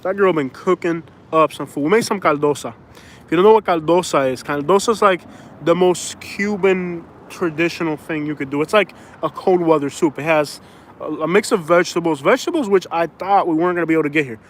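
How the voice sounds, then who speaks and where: A man's voice: on the high side, brisk. A man from Florida hosting a casual livestream outdoors, rambling and chatting with viewers. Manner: rambling, chatty, reads viewer comments aloud. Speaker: livestream host. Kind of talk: casual live chat. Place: outdoors in a suburb. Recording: faint outdoor traffic noise.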